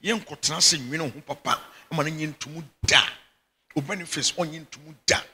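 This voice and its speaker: A man's voice: on the high side, fairly quick, bright, forceful tone, breathy edge. A middle-aged Ghanaian man preaching a sermon as bishop, emphatic and often breaking into laughter. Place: church chapel.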